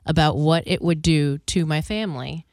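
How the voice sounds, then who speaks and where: A young woman guest on a podcast, chatting and telling stories in a relaxed way. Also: sits low, normal speed, no echo, clean studio sound. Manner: chatty, storytelling. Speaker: podcast guest, show expert. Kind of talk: casual chat.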